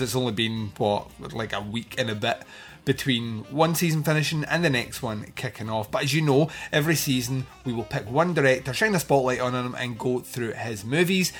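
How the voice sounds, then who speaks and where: Man, podcast host, casual film chat, chatty, jokey, mid-pitched. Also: a bit bright. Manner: chatty, jokey, rambling with fillers.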